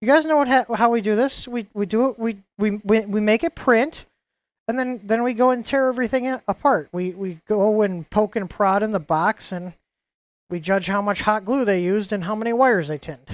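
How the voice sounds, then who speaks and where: A woman's voice: mid-range voice, moderate pace, no echo. A woman hosting a live stream, chatting casually and ranting in exasperation, often stumbling and repeating words.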